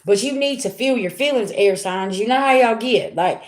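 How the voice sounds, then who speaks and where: A woman's voice: fairly high pitch, normal speed. A woman giving a casual tarot reading, talking straight to her viewers in a chatty way and checking in with them often. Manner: chatty, talks straight to viewers, frequent "okay?" and "y'all". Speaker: tarot reader. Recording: roomy echo.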